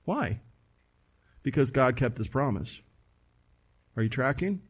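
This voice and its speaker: A man's voice: medium pitch, big pitch swings, takes it slowly, breathy edge. A man preaching a sermon, emphatic and conversational, asking the listeners questions and reading scripture aloud. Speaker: pastor.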